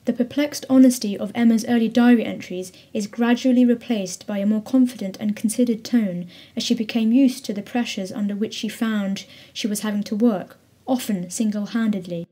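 A woman giving scripted narration in a clear, steady manner. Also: medium pitch, normal speed, hardly any pauses.

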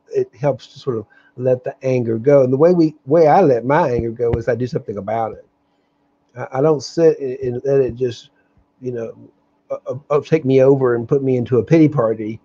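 This is a live-streamed spiritual talk from the host of a daily meditation stream, a man with a husky, medium-pitched voice. The webcam audio is dark and dull, and he comes across as earnest yet openly angry, halting and restarting.

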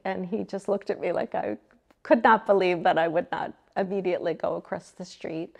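A woman's voice: fairly low pitch, fairly even intonation, fairly quick, gravelly, darkish tone. A middle-aged woman from Long Island, New York, telling stories as an interview guest, chatty and self-deprecating. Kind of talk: casual reminiscing interview.

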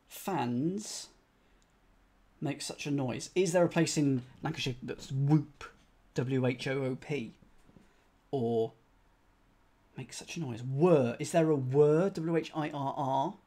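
A man's voice: medium pitch, slow, long pauses, dark tone, breathy edge. A man solving a cryptic crossword live on stream. He thinks aloud, spells out letters one by one and talks to his chat.

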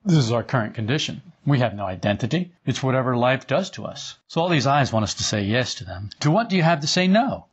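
A man's voice: mid-range voice, big pitch swings, fast, few pauses, breathy edge. A man teaching a group in an informal spiritual talk, conversational and chuckling often. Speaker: esoteric teacher. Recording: dull lo-fi recording.

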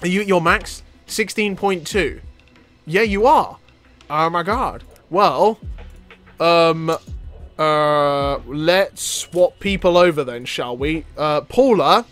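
A man commentating on a strategy game, playful and excitable, laughing often and talking to the characters. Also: a little high, slow, soft background music. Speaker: gameplay video host. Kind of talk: casual let's-play commentary.

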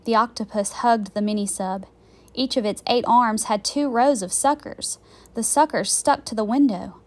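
A woman teacher reading a children's chapter book aloud in a slow, clear and expressive way. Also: a little high.

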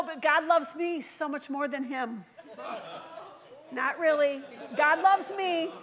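Woman preacher, high voice, lively storyteller who plays out the dialogue, church sermon. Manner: animated storytelling, acts out quoted voices.

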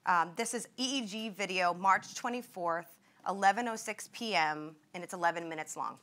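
A young woman reading aloud from her own memoir at a talk, in a measured, vivid way. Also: on the low side, a bit bright. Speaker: author and former patient.

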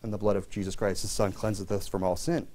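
A male pastor preaching a sermon in a conversational way, leaning on fillers and rising in pitch to stress his points. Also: flat delivery, fast talker, mellow.

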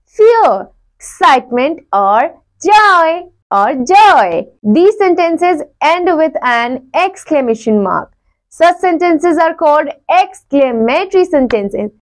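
High, lively-voiced woman teacher. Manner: explains slowly, repeating each example. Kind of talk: classroom grammar lesson.

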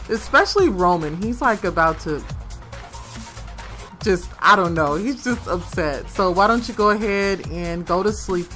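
A woman's voice: medium pitch, a bit bright. A young woman chatting through her gameplay and talking to the game characters. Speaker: gaming channel host. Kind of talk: casual gameplay commentary.

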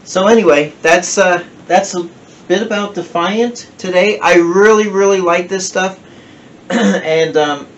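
A man's voice: high-pitched, measured pace, highs cut off, slight background noise. A man with a New Jersey accent chatting casually through a home whiskey review, rambling and correcting himself as he goes. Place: home den.

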